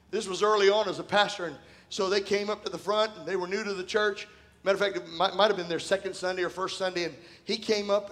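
High-voiced man preaching a lively sermon. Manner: animated, conversational preaching with bursts of shouting and laughter. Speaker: pastor. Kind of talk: sermon with personal stories. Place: church sanctuary.

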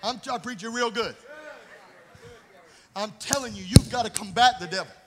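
A male pastor preaching a blunt, scolding sermon. He swings from plain talk to loud shouting. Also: sits high, normal speed. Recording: reverberant church hall.

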